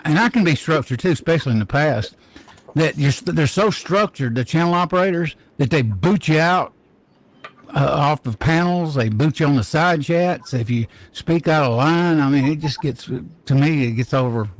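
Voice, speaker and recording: A man's voice: on the high side, low-quality recording. A man from Georgia chatting casually on a live-stream panel, meandering from one story to the next.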